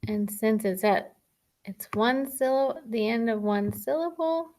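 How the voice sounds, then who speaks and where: Woman teacher, kids' phonics video, slow patient delivery, slightly high voice. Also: animated, darkish tone, slight background noise. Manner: slow, patient, thinking aloud while writing. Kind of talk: recorded phonics lesson for children.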